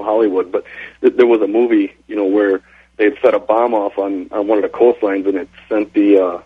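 Nervous male caller, husky, low, over a tinny phone line. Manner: hesitant, full of fillers. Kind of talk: phoning in to a radio show.

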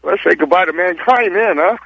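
A man calling into a radio show, excitable and folksy, heard over a phone line. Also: fairly high pitch, a little hiss or hum. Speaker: caller. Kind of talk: radio call-in chat.

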